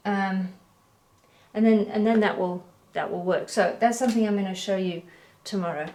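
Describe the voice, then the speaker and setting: A woman giving a relaxed, chatty painting critique as an art teacher, correcting herself as she goes. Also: medium pitch, normal speed, a little hiss or hum. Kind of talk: painting critique, talking while pointing. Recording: echoey room.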